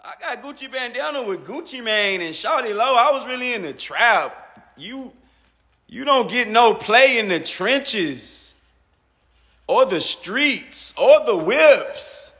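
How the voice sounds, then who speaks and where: A man with a very high, bright, forceful voice delivers a taunting livestream rant, stacking boastful jabs one after another. It sounds like a phone mic in a space with a long, echoey reverb. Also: big pitch swings, slow. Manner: boastful, mocking, repetitive jabs.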